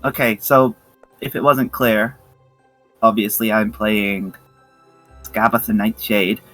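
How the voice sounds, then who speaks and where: A British-accented player describing actions quickly and playfully in a tabletop game. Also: medium pitch, fairly even intonation, a bit bright, faint music behind. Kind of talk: tabletop role-play chat.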